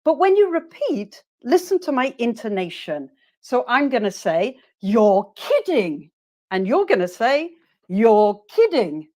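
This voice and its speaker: A woman teacher trainer leading a webinar, encouraging her listeners and modelling phrases slowly for them to repeat. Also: high-pitched, big pitch swings.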